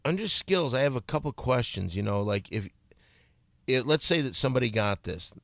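Gravelly-voiced male host reading prompts. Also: mid-range voice, lively intonation, dry recording, studio quality. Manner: reads out prompts in a rapid-fire list. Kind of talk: casual comedic talk show.

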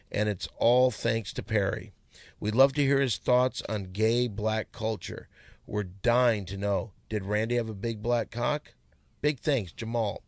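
A man's voice: lowish voice, vocal fry, no echo. A brash man hosting a comedy podcast, reading listener letters aloud. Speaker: podcast host.

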